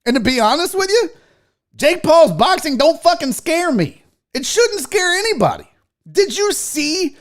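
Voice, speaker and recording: In a very high, sing-song voice and an unhurried pace, a man in his forties hosts a show and launches into a profane, heated livestream rant. He ridicules people with exaggerated put-on voices.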